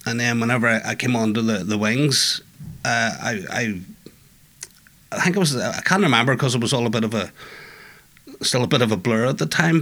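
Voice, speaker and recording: A middle-aged man, a former prisoner, speaking in a halting conversational interview full of restarts and asides. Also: mid-range voice, bright, forceful tone. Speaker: former prisoner and peer listener.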